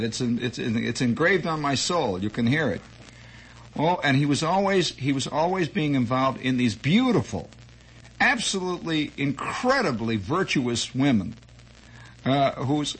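A man hosting a radio show, telling a digressive story with animated asides and many restarts. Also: fairly high pitch, husky. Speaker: radio host. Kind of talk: rambling on-air storytelling.

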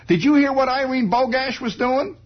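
A man putting on a squealing excited little boy. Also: very high voice, moderate pace, pitched above the performer's own voice. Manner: breathless, squealing, repeating words. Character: excited eight-year-old boy, naive and eager. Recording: dull lo-fi recording.

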